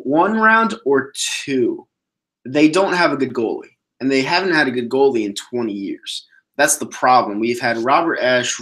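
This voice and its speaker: A man hosting a casual solo sports podcast, talking bluntly and swearing as he answers viewer questions. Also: medium pitch. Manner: blunt, profane, animated ranting.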